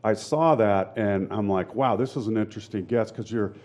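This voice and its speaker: A man's voice: lowish voice, moderate pace, a little mellow. A man hosting an interview in a casual, affirming way. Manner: casual, affirming, frequent backchannel. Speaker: podcast host and teacher. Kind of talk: conversational interview.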